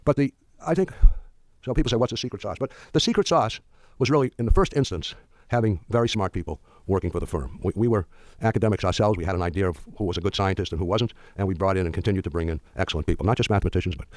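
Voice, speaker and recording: An older man speaks quickly in a fairly low voice, telling rambling stories to an audience. His talk is full of restarts and asides, with a dry sense of humor. The sound is dry and close. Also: no echo. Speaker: firm founder telling stories.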